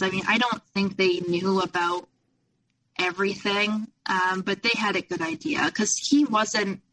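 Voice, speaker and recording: Bright-voiced young woman, a bit off-mic. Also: medium pitch, recorded from a distance, rough recording. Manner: rambling, heavy with fillers and restarts. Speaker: podcast guest. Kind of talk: candid personal storytelling. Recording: voice a little off-mic.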